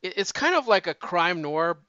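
A man's voice: high-pitched, very animated, moderate pace, pushed and bright, smooth, dry recording. A man chatting casually and rambling about comics, swearing freely and restarting sentences, on a dull lo-fi recording. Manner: rambling, profane, frequent restarts. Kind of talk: casual chat.

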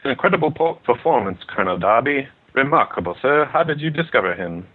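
A stuffy upper-crust British gentleman, as a man puts him on, speaks in a plummy, pompous drawl. The voice sits high over the speaker's usual low register. It comes down a thin, tinny phone line. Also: animated, fast, husky, dry recording.

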